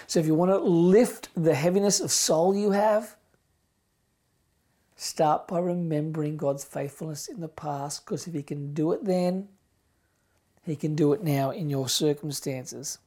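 A middle-aged pastor preaches with passion in a fairly high, unhurried voice. He swings between loud emphasis and hushed near-whispers.

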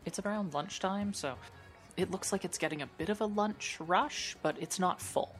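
A woman narrating as game master of a tabletop game, describing scenes at an unhurried pace with small hesitations. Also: medium pitch, soft background music.

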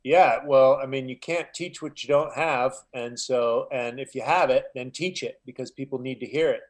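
A man in a casual interview, sounding earnest and a bit preachy as he talks. His pitch sits in a middling range, and "you know" keeps turning up between his thoughts. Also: normal speed. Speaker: podcast guest, health coach.

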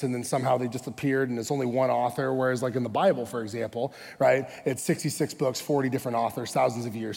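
A man preaching in a relaxed, chatty way at an even mid-range pitch. He tells a self-deprecating story, slipping into quoted dialogue, and his voice rings with a long hall reverb. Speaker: pastor. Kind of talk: sermon told as a personal story.

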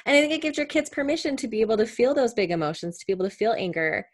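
A woman's voice: a little high, big pitch swings, rapid-fire. A woman hosting a podcast, chatting enthusiastically and affirming her guest. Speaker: podcast host. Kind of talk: podcast interview.

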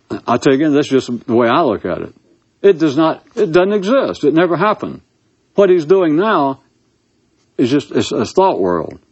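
This monologue comes from a man whose fairly high voice has a breathy edge. Casual and philosophical, he delivers it with sarcasm, theatrical flair, and swooping emphasis, all captured on a muffled lo-fi recording.

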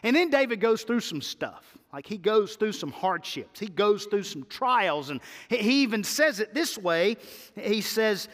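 High-voiced pastor preaching in a reverberant hall. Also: male voice, very animated, measured pace, fairly bright tone. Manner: preaching with swells of emphasis and repetition. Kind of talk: sermon.

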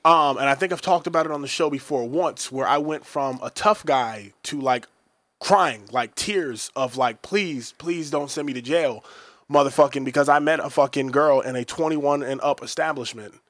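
A man co-hosting a podcast, telling a story in profane, animated casual chat. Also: medium pitch, moderate pace, dry recording, studio quality. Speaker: podcast co-host.

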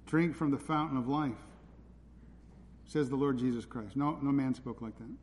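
A man's voice: medium pitch, normal speed, darkish tone. A man preaching a sermon in a church, urgent and pleading as he presses his listeners. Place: church hall. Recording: hall reverb with faint ambient noise.

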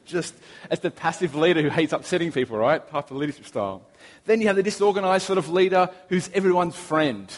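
A young Australian man preaching a sermon, telling relaxed, anecdotal stories with humor. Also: a little high, a little fast. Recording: long reverb of a large hall.

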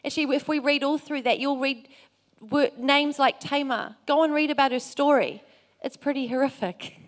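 Woman preacher, earnest storytelling sermon, high voice. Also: moderate pace. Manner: earnest, storytelling with acted quotes.

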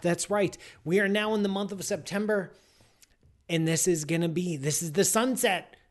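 Animated man hosting a live science show. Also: on the high side. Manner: animated and playful, ranting in mock outrage; rambling, with digressions and restarts.

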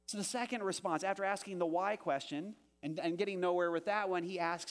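High-voiced man preaching a sermon. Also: fairly quick, few pauses. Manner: animated, acts out quoted voices with rising pitch. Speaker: pastor.

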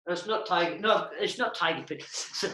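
Guy telling old stage stories, jokey, kinda sharp bright tone, echoey room. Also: high voice, brisk. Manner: playful, self-mocking storytelling. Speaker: former stage partner, performer. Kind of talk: casual reminiscing chat.

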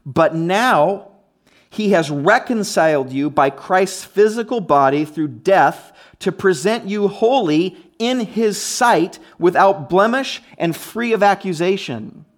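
Male pastor, fairly high voice, casual but emphatic sermon delivery. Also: expressive, slow pace. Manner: conversational, emphatic preaching with restarts and asides.

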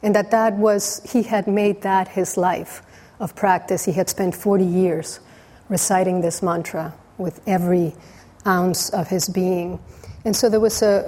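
A woman teacher giving a dharma talk, telling a story in a relaxed way with frequent restarts. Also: medium pitch.

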